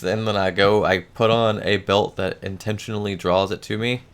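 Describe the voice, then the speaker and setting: Gravelly low-voiced male streamer rambling. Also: fairly even intonation, a little slow, hardly any pauses. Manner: rambling, swears casually, laughs it off. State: has the hiccups. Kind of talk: casual chat while gaming.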